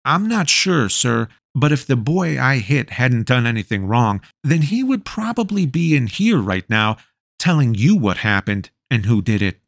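A man's voice: mid-range voice, very animated, unhurried, gravelly, no echo, voice pushed up, full character voice. A man voicing a polite but cheeky schoolboy in an audiobook, with dry, sassy replies. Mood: politely cheeky. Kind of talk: audiobook character voice.

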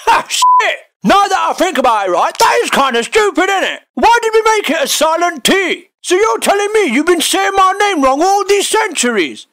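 A man voicing a brash, crude, indignant Jesus as a laddish bloke, ranting and shouting in a comedy sketch. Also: extremely high pitch, big pitch swings, moderate pace, few pauses, exaggerated voice. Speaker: comedy YouTuber.

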